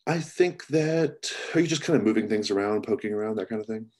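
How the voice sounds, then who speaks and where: Low husky-voiced man running a game. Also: fairly quick. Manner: relaxed, chatty, stumbling restarts. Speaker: game master. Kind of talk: narrating a tabletop mystery game.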